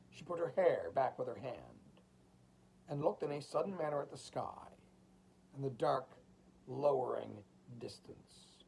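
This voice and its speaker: A man reading a classic novel aloud, with an expressive, dramatic delivery. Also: mid-range voice, unhurried, gravelly, breathy edge. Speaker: audiobook reader.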